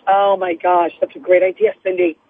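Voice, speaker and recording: Raspy woman on a phone line. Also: on the low side, steady tone, normal speed. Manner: chatty, effusive, laughs often. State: morning voice, extra raspy. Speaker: guest, TV news reporter. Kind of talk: phone interview. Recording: tinny phone line, dry.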